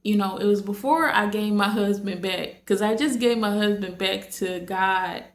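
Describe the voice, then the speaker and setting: A woman's voice: mid-range voice, moderate pace. A woman vlogging casually to her viewers late at night, rambling with many fillers and restarts. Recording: echoey room.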